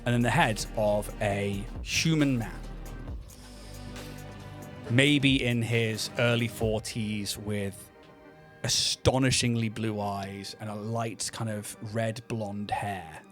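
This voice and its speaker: A man narrating a tabletop game as game master, slow and descriptive with fillers. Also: fairly low pitch, fairly even intonation. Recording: faint music behind.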